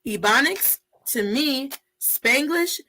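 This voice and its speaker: A woman's voice: sits high, animated, slow, bright, forceful tone, low-quality recording. A woman hosting a podcast, talking in an outspoken, casual way and dropping Spanish words into her English. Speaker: podcast host.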